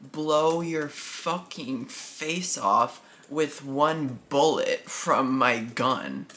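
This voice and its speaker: A man voicing a threatening mafia-style AI boyfriend chatbot in a comedic role-play, with a slow, low, menacing delivery. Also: animated, sharp tone, exaggerated voice.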